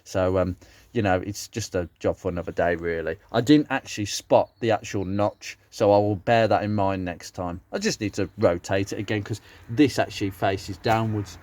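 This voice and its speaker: Working on a car for his YouTube restoration channel, this Brummie man from the West Midlands talks casually at normal speed. His lowish, darkish voice wanders through the chat, full of fillers and false starts.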